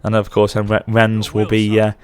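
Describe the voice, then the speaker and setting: This man in his thirties runs a gaming channel and speaks in a fairly low, monotone voice at a moderate pace. His let's play chatter is casual and rambling, with frequent mid-sentence self-corrections.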